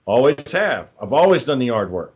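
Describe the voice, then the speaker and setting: Man, medium-pitched voice, casual chat, swearing, heated storyteller. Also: very animated, normal speed, husky, dull audio.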